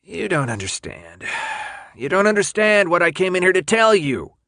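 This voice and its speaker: A man voicing a cold, volatile older official who speaks in a clipped way and swings between quiet menace and shouting. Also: medium pitch, wildly swooping pitch, unhurried, dry recording, studio quality, exaggerated voice. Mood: grave.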